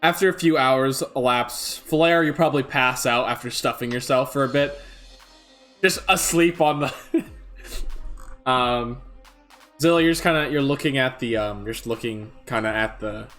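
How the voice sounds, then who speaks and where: A man running a tabletop role-playing session as game master, narrating in a loose, casual way full of fillers. His pitch is ordinary, and soft music plays under the stream. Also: normal speed.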